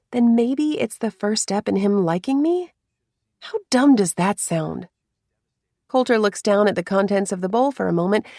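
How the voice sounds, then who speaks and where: A woman narrating a first-person romance story in a soft, confiding way, with hushed asides. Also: medium pitch, no echo, clean studio sound.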